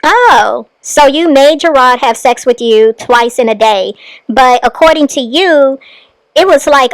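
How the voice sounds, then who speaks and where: A woman with a high, bright-pitched voice talks back at a clip in sarcastic, scolding commentary. She sounds close and dry, with no room around her. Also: measured pace, no echo. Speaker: commentary channel host. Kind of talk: reaction commentary.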